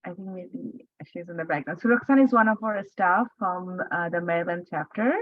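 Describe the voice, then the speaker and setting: A woman's voice: fairly low pitch, a little fast, dry recording. A woman moderating an online meeting, welcoming people and calling on them one by one. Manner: brief welcoming replies, calling names. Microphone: video call. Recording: dry, phone-like call audio.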